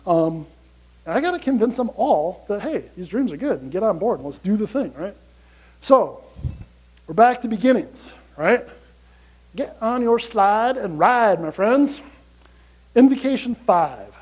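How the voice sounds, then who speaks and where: High-voiced energetic man giving a talk. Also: a little slow, pauses often, low-quality recording. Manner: energetic, chatty, repeats "you gotta" and "right?". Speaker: conference speaker. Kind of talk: motivational conference talk.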